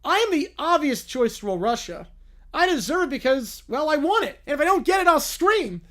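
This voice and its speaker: A woman's voice: high voice, big pitch swings, a little fast, a bit bright, voice pushed up. A woman voicing a spoiled little princess girl who demands to rule. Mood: demanding. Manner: demanding, bratty, gleeful.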